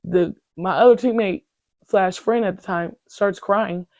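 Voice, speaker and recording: A woman in her twenties tells a story on her podcast in an animated, slangy way, swearing freely as she vents. Her voice sits in an ordinary middle register, and the recording is dry and close with no room sound. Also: mid-range voice, measured pace, dry recording. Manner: animated, profane, slangy venting. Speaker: podcast host. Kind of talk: casual storytelling monologue.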